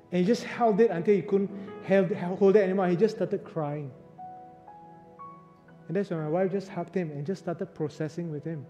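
A man preaching a sermon as a pastor, telling a story in an animated way and laughing often, in a church hall with faint music. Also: sits high, highs cut off.

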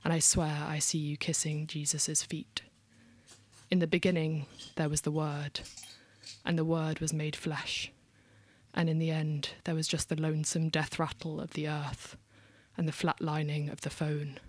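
A woman with a southern English RP accent from London performing dark spoken word poetry, dropping some lines to a hushed whisper. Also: deep voice, flat delivery, unhurried. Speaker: poet, guest.

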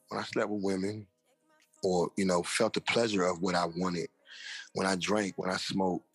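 Man, low voice, slangy testimony, quoted voices acted out, faint music behind. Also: fairly bright tone, breathy edge. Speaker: interview guest, author. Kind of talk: personal testimony in casual interview.

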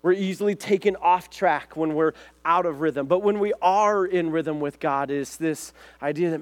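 A man giving a casual sermon to a group, chatty and lively, often checking in with "right?" and "okay?". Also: fairly high pitch, moderate pace. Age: adult, has a son. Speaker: youth pastor.

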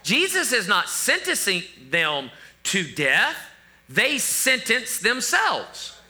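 Bright, lively-voiced male preacher. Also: sits high, slow pace. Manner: conversational, joking asides to the congregation. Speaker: pastor. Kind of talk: sermon.

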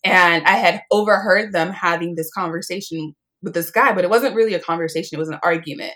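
A woman's voice: lowish voice, fast talker, a bit bright. Woman in her twenties, chatty storyteller who voices the people she quotes. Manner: chatty, lots of "like", acts out quotes. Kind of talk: casual storytelling.

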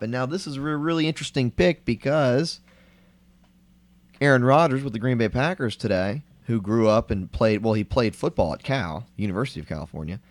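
A man's voice: mid-range voice, no echo. A man hosting a casual sports talk show, laid-back and chatty, filling his talk with "like". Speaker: show host.

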